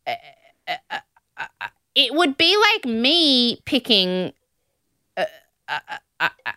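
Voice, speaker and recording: A woman with a higher, bright, cutting voice, talking animatedly and swinging her pitch widely. She fires off quick asides in casual podcast chat, recorded close and dry with no room sound. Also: sing-song, no echo. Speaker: podcast host. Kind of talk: casual chat recapping a reality show.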